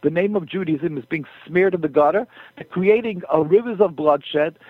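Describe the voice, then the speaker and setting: A man who is a rabbi, speaking as a guest on a radio interview by phone, earnest and halting, with many restarts. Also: fairly high pitch, dry recording. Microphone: telephone. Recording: tinny phone line, dry.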